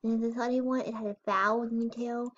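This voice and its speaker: A woman's voice: on the high side, level tone, fast talker, lo-fi sound, a little hiss or hum. A female voice giving casual, rambling commentary while playing a game, often unsure of herself and squealing over cute items. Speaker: gamer showing her game house.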